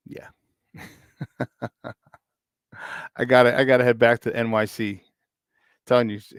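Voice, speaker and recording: A man's voice: medium pitch, gravelly, fairly bright tone, no room sound, studio quality. A man in his fifties hosting a casual sports talk stream, greeting viewers in the chat, joking and laughing often. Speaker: sports talk show host.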